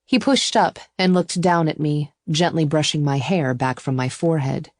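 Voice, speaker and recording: A woman narrating a first-person romance audiobook in an even, intimate storytelling voice. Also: sits low, moderate pace, no echo, studio quality.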